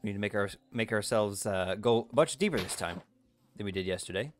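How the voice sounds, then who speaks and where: A man's voice: on the low side, expressive, a little fast, faint music behind. A man hosting a let's play video, talking through his game in a jokey, self-deprecating way and yelping at sudden surprises. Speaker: gaming video host.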